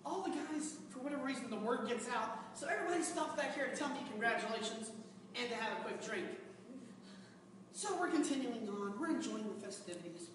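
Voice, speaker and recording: A man giving a humorous personal story speech to a club audience, animated and laughing along as he tells it. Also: very high voice, a little fast, background noise. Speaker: speaker at a public speaking club. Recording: echoey hall, recorded from far off.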